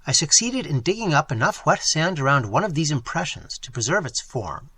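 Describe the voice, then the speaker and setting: A man reading the part of a kindly, scholarly older professor who lectures gently and teases mildly, in an audiobook. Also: on the high side, animated, brisk, breathy edge, dry recording, heavily acted. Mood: lecturing. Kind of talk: audiobook character voice.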